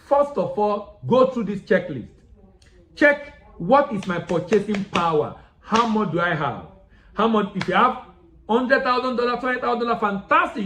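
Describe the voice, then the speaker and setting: A man's voice: high voice, fairly bright tone, echoey room, poor audio. A man hosting a business lesson, talking straight to his viewers, working through a numbered checklist and repeating his key phrases for emphasis. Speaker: export business educator, show host. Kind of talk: instructional talk to camera.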